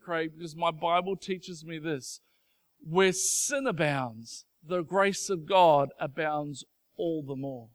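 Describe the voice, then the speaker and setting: Pastor: man, high-pitched, earnest, emphatic, slow and weighty on scripture readings, rising to fervent calls. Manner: earnest, emphatic preaching that swells into fervent declaration; reads scripture slowly and deliberately. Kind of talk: sermon.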